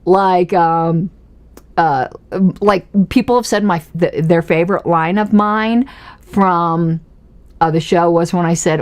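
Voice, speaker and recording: A woman talks casually into her desk mic during a political commentary livestream. She is chatty and self-mocking, and laughs often as she goes. Her voice sits at an ordinary middle pitch. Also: takes it slowly, clean tone.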